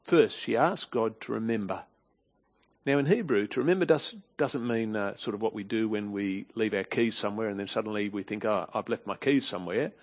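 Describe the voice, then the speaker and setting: Earnest preacher man, lo-fi sound. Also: on the low side. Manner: measured, earnest Bible exposition with rhetorical questions. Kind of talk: sermon. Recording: dull lo-fi sound.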